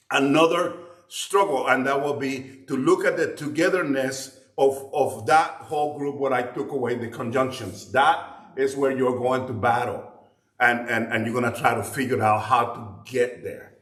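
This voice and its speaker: In a roomy, echoing space, a man teaches a Bible class with a medium-pitched, slightly bright voice. He explains patiently and often repeats words while searching for the next one.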